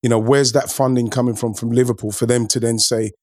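A man's voice: medium pitch, little pitch movement, fast talker, darkish tone, dry recording. Man, podcast host, loose football chat, dry close sound. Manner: loose, repeats words, says "bro".

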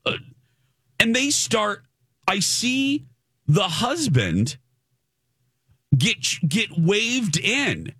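A man spins a story with a lively, swooping pitch that jumps high whenever he gets worked up. His slightly raised voice sounds emphatic and indignant. It is close and dry, with no room echo. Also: extremely slow, pauses often, breathy edge. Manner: animated, emphatic, indignant retelling. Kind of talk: casual storytelling.

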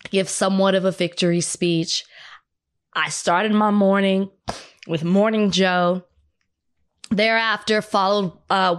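A woman's voice: mid-range voice, fairly bright tone. A congested woman, under the weather, co-hosting a casual political chat and thinking aloud with frequent restarts. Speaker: podcast co-host.

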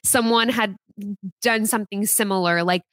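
A woman's voice: medium pitch, normal speed, a bit bright, dry recording, clean studio sound. A young woman co-hosting a celebrity gossip podcast, speaking in an outspoken, reflective way with lots of fillers. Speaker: podcast co-host. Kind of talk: casual celebrity gossip chat.

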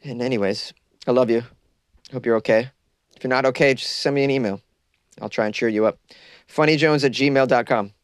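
A man's voice: mid-range voice, fairly even intonation, brisk, pauses often, no room sound, clean studio sound. A young man hosting a comedy podcast from a closet, rambling loosely and mocking himself while caffeinated and stoned.

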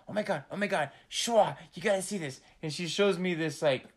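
A man co-hosting a casual podcast chat, loose and laid-back, with a lot of swearing. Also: medium pitch. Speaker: podcast co-host.

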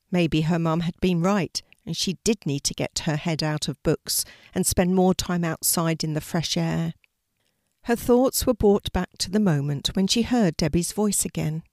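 A woman's voice: on the low side, measured pace, a little mellow, dry recording, clean studio sound. Older woman reading a children's story.

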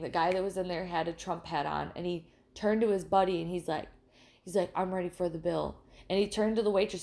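A woman co-hosting a podcast, telling a story in casual, animated chat, swearing freely and restarting her sentences often. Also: lowish voice. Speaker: podcast co-host.

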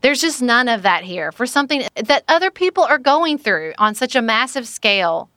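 A woman's voice: on the high side, very animated, normal speed, sharp tone, clear, resonant tone, no echo, studio quality. A woman guest on a book-review podcast, speaking earnestly and emphatically. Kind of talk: casual book-review chat.

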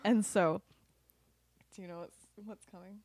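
A woman's voice: mid-range voice, steady tone, a little slow, a little mellow, no echo. A young woman hosting a podcast, retelling a story casually with lots of giggles and fillers. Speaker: podcast host.

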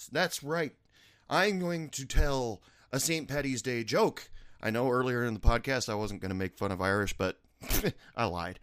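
A young man hosting a podcast, telling jokes and stories in a casual, animated way. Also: medium pitch, a little slow, dry recording, clean studio sound. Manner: animated storytelling, joking. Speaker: podcast host. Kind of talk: casual chat.

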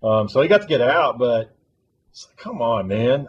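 A man's voice: mid-range voice, big pitch swings, moderate pace, slightly rough, highs cut off. A man telling a long story in casual chat, rambling and swearing freely.

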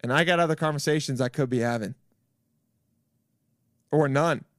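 A young man giving a crude, animated comedic rant at home, acting out other people's voices. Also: a little high, normal speed, dry recording, studio quality. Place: home, roommate in next room.

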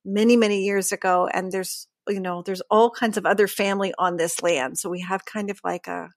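A middle-aged woman from Pittsburgh, guest yoga teacher, chatting in a relaxed way with many fillers and laughs. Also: medium pitch, fairly quick, no echo, studio quality. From Pittsburgh, Pennsylvania. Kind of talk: casual conversation.

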